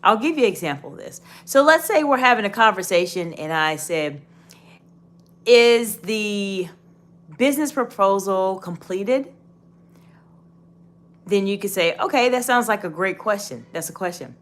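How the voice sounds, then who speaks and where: A woman giving a live leadership-coaching talk, emphatic and animated, often acting out example phrasings. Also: medium pitch, a little fast, few pauses.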